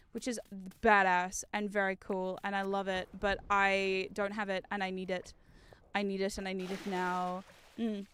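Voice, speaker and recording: A young woman from the UK with a British accent softened by New Zealand, chatting casually while streaming a game, rambling on tangents and swearing freely. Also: mid-range voice, a little hiss or hum. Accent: British mixed with New Zealand. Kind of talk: casual gaming stream chat.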